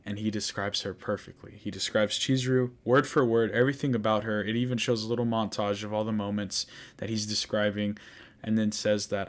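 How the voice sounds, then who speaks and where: A man's voice: fairly low pitch, level tone, fairly quick. A young man hosting a podcast, recapping an anime in a rambling, frustrated casual monologue full of fillers. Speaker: podcast host.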